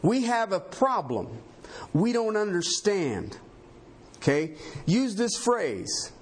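A man preaching a sermon with a lot of passion. His voice sits high and swings widely up and down as he drives his points home. He keeps checking in with the congregation. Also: slow pace, husky. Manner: animated, emphatic, repeats "okay?" to the congregation. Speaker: pastor.

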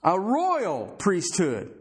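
A man's voice: sits high, huge pitch swings, very slow. A man preaching a sermon, talking conversationally and emphatically and firing rhetorical questions at the congregation.

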